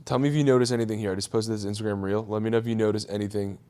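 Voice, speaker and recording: A man co-hosting a casual podcast chat, telling stories in an animated way. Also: lowish voice, very fast, clean tone. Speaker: podcast co-host.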